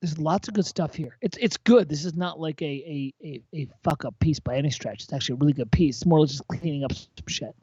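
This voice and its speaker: A tipsy man chatting casually on a livestream, giving blunt, profane, excitable feedback on a viewer's composition. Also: on the high side, fast, few pauses, breathy edge, no room sound. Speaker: co-host reviewing viewer compositions. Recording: dull lo-fi dry sound.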